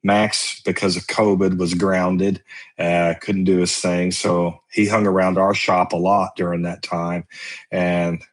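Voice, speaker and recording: This man's voice sits low, with a flat delivery and a slightly slow pace. A sausage maker and teacher appearing as a podcast guest, he wanders through long casual stories about making sausage, leaning heavily on fillers.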